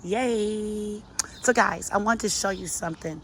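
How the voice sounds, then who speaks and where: With a mid-range voice and a measured pace, a middle-aged woman talks sassily to her plants and viewers during a casual garden tour. She's a gardening vlogger walking her outdoor garden with a phone camera, chatty and given to talking to herself and her plants. There's a little hiss or hum on the audio.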